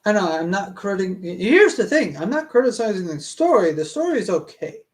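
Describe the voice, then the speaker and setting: A man reading a fan story aloud and commenting on it casually, sounding exasperated, halting and interrupting himself, with frequent laughs. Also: high-pitched, big pitch swings. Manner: laughs often. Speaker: reader reviewing a fan story.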